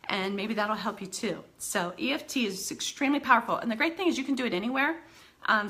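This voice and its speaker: A woman energy healer teaching a tapping technique in a live online video, animated, acting out her clients' voices and laughing often. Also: mid-range voice.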